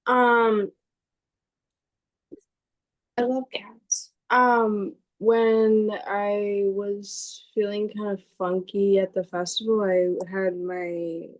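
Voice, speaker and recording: Woman guest, slow and halting, lots of ums, dry close sound. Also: mid-range voice, flat delivery, no echo, rough recording. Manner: hesitant, many ums, rambling. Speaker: podcast guest. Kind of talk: casual podcast chat.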